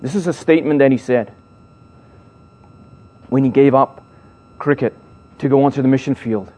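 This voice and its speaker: A man's voice: mid-range voice, moderate pace, a little mellow. A middle-aged man preaching to young people in a playful, emphatic way, joking with his listeners. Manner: playful, jokes with the audience, emphatic build-ups. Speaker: speaker at a youth gathering.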